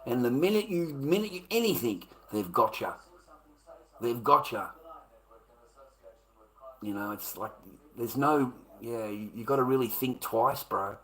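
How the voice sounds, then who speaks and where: A man's voice: medium pitch, expressive, measured pace, long pauses, a bit bright, rough recording. An Australian man ranting casually to a live chat, rambling and repeating himself with heavy swearing. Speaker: livestreamer.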